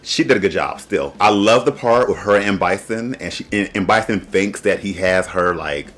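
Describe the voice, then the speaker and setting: A man's voice: low voice, normal speed, fairly bright tone. A man hosting a casual review, chatty and blunt, joking and laughing often. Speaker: host.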